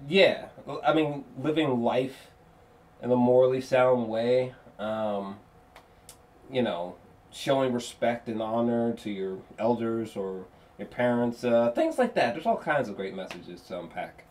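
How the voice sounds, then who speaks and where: A man giving a casual spoken film review, rambling and excitable, with lots of fillers and restarts and free swearing. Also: mid-range voice, measured pace. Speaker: movie reviewer.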